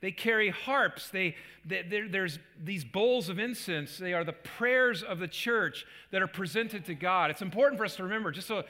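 Pastor guy preaching, brightish fairly high voice, big echoey church sound. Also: moderate pace, hardly any pauses. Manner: earnest preaching with restarts, rising to emphatic peaks. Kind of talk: sermon.

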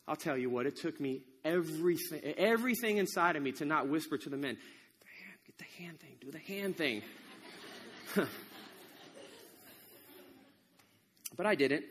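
The biblical farmer-hero Gideon, played by a man in a dramatic monologue, timid yet bold. He tells his tale in a high, animated voice, by turns exasperated and wry. A long hall reverb trails every line. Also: quick pace, hardly any pauses, slightly rough. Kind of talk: first-person dramatic monologue.

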